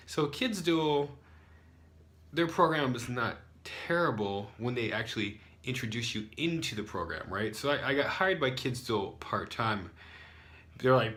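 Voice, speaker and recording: Young american dude venting about old jobs, rambly, lots of "like" and "you know". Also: male voice, mid-range voice, lively intonation, a little slow, fairly bright tone. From United States. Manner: rambling, frequent fillers, sarcastic asides. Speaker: English teacher. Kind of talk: casual storytelling vlog.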